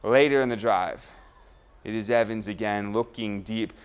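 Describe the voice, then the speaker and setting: A man anchoring a sports show, reading high school football highlights with energetic play-by-play and joking asides. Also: moderate pace, clean tone.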